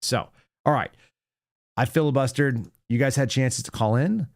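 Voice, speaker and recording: A man's voice: medium pitch, moderate pace, dry recording, studio quality. A man hosting a call-in show, chatting in a loose, offhand way as he signs off. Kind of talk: casual sign-off chat.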